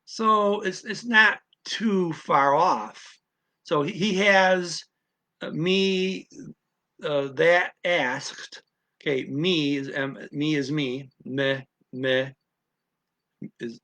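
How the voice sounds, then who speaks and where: A man teaching word by word in a casual lesson, halting and repeating sounds aloud with many fillers. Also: on the high side, pushed and bright. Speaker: language teacher.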